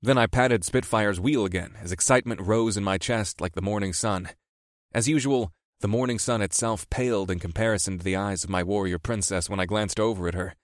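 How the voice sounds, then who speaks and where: Man, audiobook narrator, fairly low voice, wry easygoing telling, dry close sound. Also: fairly quick, dry recording. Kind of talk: first-person audiobook narration.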